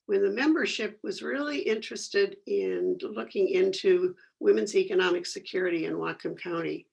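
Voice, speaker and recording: Gravelly, husky voice giving an earnest tribute. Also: medium pitch. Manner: earnest and appreciative. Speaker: former committee chair giving a tribute. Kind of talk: prepared spoken tribute.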